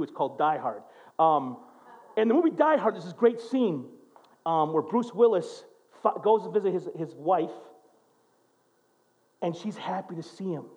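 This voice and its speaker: A man preaching a sermon as a pastor, telling stories and acting out quotes in an animated way. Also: high voice, muffled recording. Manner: animated, storytelling with acted-out quotes.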